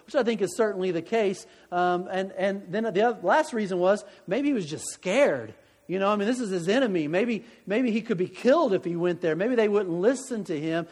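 High-voiced male pastor in a reverberant hall. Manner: conversational, self-deprecating, many restarts. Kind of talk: sermon.

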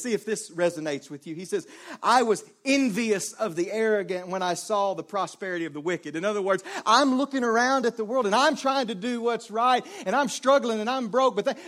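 A male preacher giving a sermon, dropping to a hushed voice and then rising to raised, pleading cries. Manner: swings between hushed low passages and raised pleading cries.

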